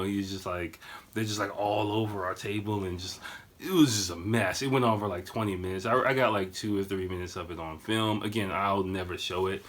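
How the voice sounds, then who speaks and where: Rambling, swearing male podcast host. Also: lowish voice. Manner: rambling, profane, lots of fillers. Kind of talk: casual storytelling podcast.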